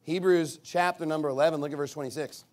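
A man preaching a sermon, reading scripture slowly with rising emphasis and breaking into animated, mocking asides with sudden shouted bursts. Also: a little high. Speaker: pastor.

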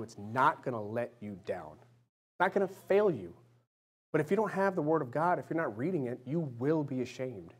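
Here a thirtysomething preacher gives a laid-back sermon in a conversational style. He keeps asking "right?" and "amen?", now and then putting on small character voices or sinking into a soft, low register.

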